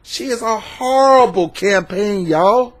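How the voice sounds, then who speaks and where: Man, slightly high voice, emphatic commentator who repeats his points and talks back at the people he covers. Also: slow pace. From Southern United States. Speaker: political commentator. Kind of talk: ranting political commentary.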